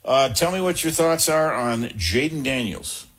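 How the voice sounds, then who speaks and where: Husky man hosting sports radio. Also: medium pitch, expressive, measured pace, a bit bright. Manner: upbeat, jokes and quotes movie lines. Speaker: radio sports talk host. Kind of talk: call-in sports radio chat.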